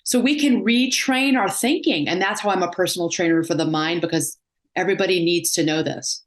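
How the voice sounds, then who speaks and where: A woman's voice: on the low side, fairly quick. A woman psychotherapist and life coach talking in a casual interview, telling stories and acting out the voices of people she quotes. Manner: animated storyteller, acts out quoted voices.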